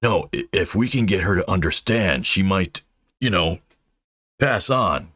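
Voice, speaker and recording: Man doing an earnest, stumbling barbarian in a husky, everyday tone. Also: sits low, lively intonation, a little slow, fairly bright tone, full character voice. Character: earnest male barbarian companion.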